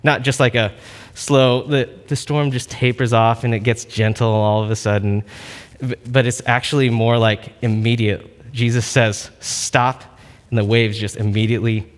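Man, preacher, casual sermon, conversational, storytelling, filler words, medium pitch, long reverb. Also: flat delivery, normal speed.

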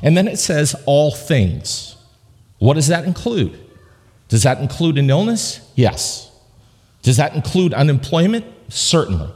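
A man's voice: on the high side, big pitch swings, measured pace, darkish tone, in a large hall. A man preaching a sermon in a church, conversational and joking with the congregation, driving points home with emphatic repetition. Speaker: pastor. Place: church sanctuary.

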